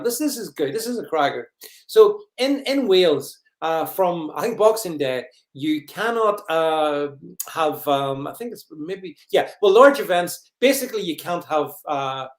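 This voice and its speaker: A man's voice: a little high, reverberant. Sarcastic male livestream host. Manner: rambling, mocking, greets viewers. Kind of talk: sarcastic live commentary.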